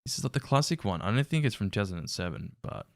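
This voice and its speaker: A man's voice: fairly low pitch, expressive, fast, gravelly, no echo, studio quality. A man hosting a casual reaction commentary, wry and incredulous, laughing often. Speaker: reaction video host.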